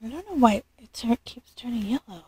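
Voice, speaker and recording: High-voiced gushing woman vlogger. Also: lively intonation, brisk, breathy edge, no room sound. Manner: gushing, often drops to a soft near-whisper; rambling, self-correcting. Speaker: reborn doll collector. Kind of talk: casual unboxing vlog.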